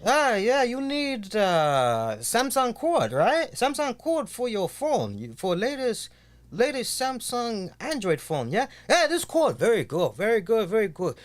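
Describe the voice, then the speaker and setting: Comedy bit in which a man voices a pushy street seller of cheap cords, talking well above his own pitch in a put-on accent and broken English. The seller repeats his praise of the goods in short, eager bursts. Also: huge pitch swings, measured pace, exaggerated voice. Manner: broken-English sales patter, exaggerated made-up accent.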